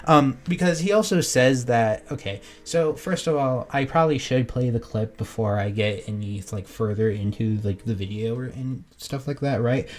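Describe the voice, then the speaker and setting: A young man delivering a ranting reaction commentary for an online audience. He swears constantly and jumps from low mumbled asides to loud, exasperated yelling. His voice sits at an everyday middle pitch. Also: moderate pace, few pauses.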